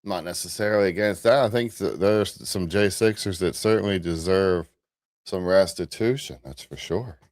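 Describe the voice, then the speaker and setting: A man's voice: deep voice, normal speed, darkish tone, no room sound, clean studio sound. An American man hosting a live morning commentary show, rambling casually with restarts and chuckling at himself.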